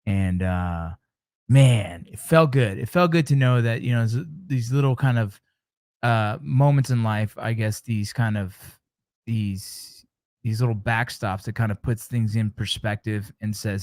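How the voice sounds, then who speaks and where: A middle-aged man at his usual pitch speaks to his audience with earnest, heartfelt warmth, often repeating himself and restarting sentences. The sound is close and dry, with no room echo. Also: a little slow. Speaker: show host. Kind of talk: casual motivational talk to listeners.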